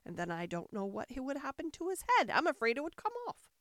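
A woman voicing a polite, gentle and curious young girl in a storybook reading, speaking with mild doubt. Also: high voice, very animated, brisk, dry recording, clean studio sound, pitched above the performer's own voice.

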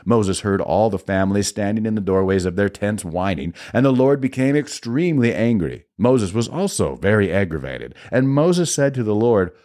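A man's voice: fairly low pitch, animated, moderate pace, few pauses, darkish tone. Man reading scripture expressively. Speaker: Bible reader.

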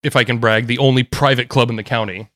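A man, a golf caddie, telling stories in an animated, laughing, casual chat. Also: medium pitch, no room sound, studio quality. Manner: animated, quick, laughing storyteller.

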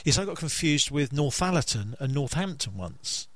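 A man's voice: medium pitch, animated, moderate pace, fairly bright tone, no echo. A man hosting a podcast in casual chat, easygoing and telling anecdotes. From south coast of England. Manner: easygoing, plugs the magazine, tells anecdotes. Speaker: podcast host and magazine promoter.

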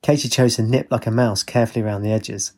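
Gravelly male story narrator. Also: lowish voice, steady tone, fast talker, a little mellow.

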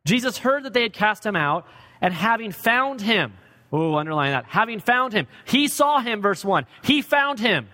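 A man preaching a sermon as pastor, swinging from loud emphatic declarations to quiet, low asides. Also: very animated, normal speed. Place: church sanctuary. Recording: long hall reverb.

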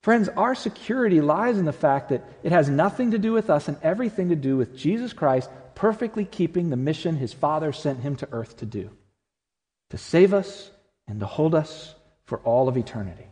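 A man preaching a sermon as pastor, earnest, swinging from loud to hushed. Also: on the high side, expressive, normal speed. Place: church sanctuary. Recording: long reverb of a church hall.

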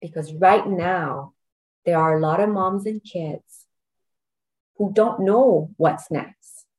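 A woman's voice: lowish voice, takes it slowly, darkish tone, rough recording. A middle-aged woman, a podcast guest, telling a personal story earnestly and getting choked up, with laughs between phrases.

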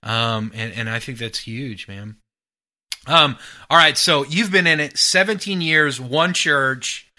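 Very bright-voiced, enthusiastic male podcast host. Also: medium pitch, takes it slowly. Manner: enthusiastic, casual, heavy use of "like" and "right?". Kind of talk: conversational podcast interview.

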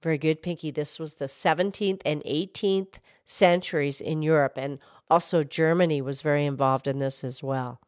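A woman voicing a gentle female cow who calmly explains history on a children's show. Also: sits low, moderate pace, few pauses, no room sound, clean studio sound, close to an everyday voice. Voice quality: calm, explanatory, hesitant restarts. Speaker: co-host, explainer.

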